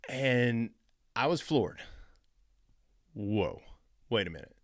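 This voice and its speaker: A man hosting a show on rental investing, telling a personal story in a casual, animated way and acting out the phone calls he describes. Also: mid-range voice, takes it slowly, dry recording, studio quality. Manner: animated, re-enacts phone calls in quoted voices. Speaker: real estate investing host.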